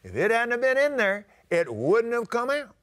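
An older man with a drawl preaches a sermon in a folksy, story-telling manner. His voice sits high for a man, and he now and then climbs into ringing shouts. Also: wildly swooping pitch, moderate pace.

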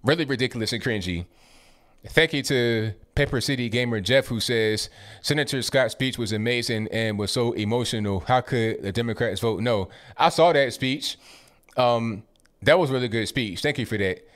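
A man hosting a live stream, reading viewer messages aloud and answering each one with quick casual asides. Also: mid-range voice, a bit bright. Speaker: political commentary host reading viewer messages.

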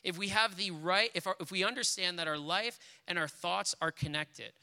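A man's voice: high voice, normal speed, creaky, bright, forceful tone. A man preaching a sermon as pastor, earnest and reading scripture and a story aloud with frequent restarts. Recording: reverberant hall.

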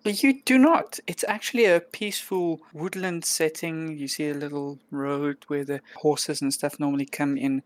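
A woman narrating as game master of a tabletop game, with calm, descriptive storytelling. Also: low-pitched, normal speed, hardly any pauses, no room sound.

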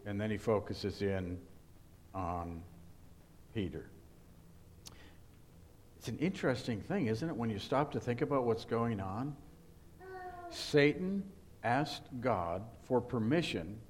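A man's voice: lowish voice, a little mellow. A male pastor preaching an earnest sermon and putting rhetorical questions to his congregation.

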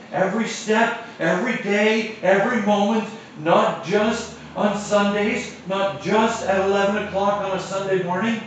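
In a distant, echoey lo-fi church recording with a little hiss or hum, a high-voiced pastor delivers a sermon. He recounts a personal story, then goes back over his points with emphasis.

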